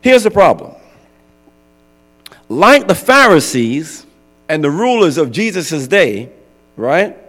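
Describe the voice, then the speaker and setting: A man's voice: on the high side, very animated, takes it slowly, long pauses, a bit bright. A male pastor preaching a sermon in a conversational way, often asking his congregation "right?". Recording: long hall reverb with mains hum.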